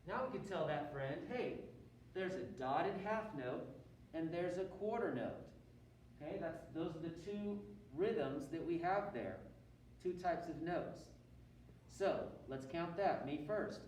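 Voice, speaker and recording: A man's voice: fairly high pitch, expressive, measured pace, a little mellow, very echoey, far from the mic, slight background noise, poor audio. A man teaching a rhythm lesson, counting beats aloud and having students repeat after him. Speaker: music teacher.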